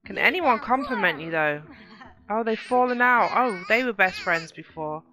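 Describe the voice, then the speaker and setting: Bright-voiced woman playing a game. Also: mid-range voice, expressive, normal speed, soft background music. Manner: chatty, exclaims at the game, talks to viewers. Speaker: gaming channel host. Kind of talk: casual let's play commentary.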